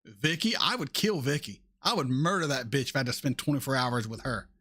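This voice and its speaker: A man in his thirties hosting a casual chat, answering viewer questions in a blunt, animated way and swearing freely. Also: medium pitch, brisk, breathy edge. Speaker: reaction channel host.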